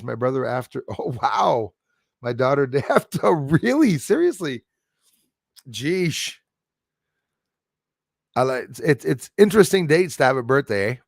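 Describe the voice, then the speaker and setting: A man's voice: mid-range voice, vocal fry, dry recording, clean studio sound. A man hosting a livestream, chatting casually and jokily while answering viewer comments, with frequent chuckles. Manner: rambling, jokey, chuckles often.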